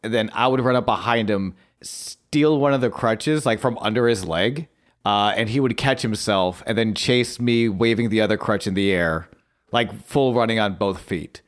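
A man co-hosting a wrestling podcast, chatting casually and recapping a match as an animated storyteller who swears freely. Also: lowish voice, moderate pace. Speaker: podcast co-host.

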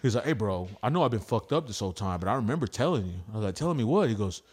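A man who does stand-up comedy, telling stories as a podcast guest in a loose, profane, slangy way, acting out what others said in lively quoted voices. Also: fairly low pitch, rapid-fire, husky. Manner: profane and slangy, peppered with "bro" and "dude". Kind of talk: casual storytelling.

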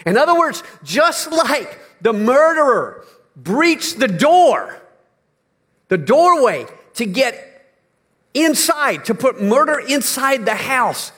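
A male pastor preaching a sermon dramatically, slowing down and dropping low for emphasis, then rising to near shouts. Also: very animated, big-room sound.

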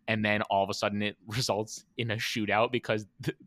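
A man's voice: fairly low pitch, little pitch movement, moderate pace, bright, forceful tone, no room sound. A man co-hosting a podcast, chatting casually and enthusiastically retelling movie scenes. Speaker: podcast co-host. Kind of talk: casual chat.

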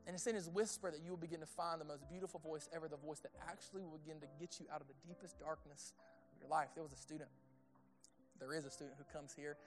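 High-voiced man preaching conversationally. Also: fairly even intonation, fast talker, soft background music. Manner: conversational preaching, asks the audience questions; drops to a hushed tone on intimate points. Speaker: pastor. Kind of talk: sermon.

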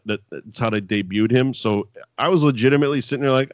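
A man's voice: lowish voice, fast talker, few pauses, no room sound. A man co-hosting a podcast, recapping wrestling in casual, profane chat and laughing often. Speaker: podcast co-host.

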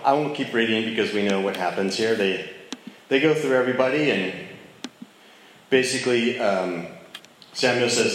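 A man's voice: on the low side, normal speed, pauses often, fairly bright tone. A man teaching a casual Bible study, talking conversationally and checking in with his listeners. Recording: very echoey room.

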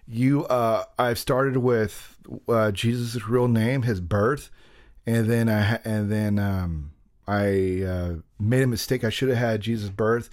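A man's voice: on the low side, fairly even intonation, slow pace, a little mellow. A man hosting a podcast, talking in a casual, rambling monologue full of jokey self-deprecating asides. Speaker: podcast host.

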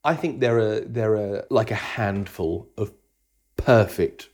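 A man's voice: on the low side, measured pace, darkish tone. Jokey, enthusiastic male podcast co-host. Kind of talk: casual chat.

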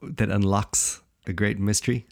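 Chatty low-voiced New man. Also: steady tone, moderate pace, gravelly, a little mellow. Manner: chatty, playful, many fillers and restarts. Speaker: podcast co-host. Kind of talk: casual theological chat.

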